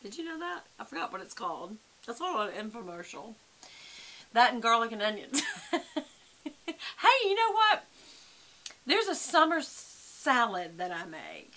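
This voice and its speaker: A woman's voice: on the high side, sing-song, normal speed, pauses often, pushed and bright. A woman, chatting casually and rambling to her viewers at home, calling them y'all. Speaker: vlogger. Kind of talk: casual chat to camera.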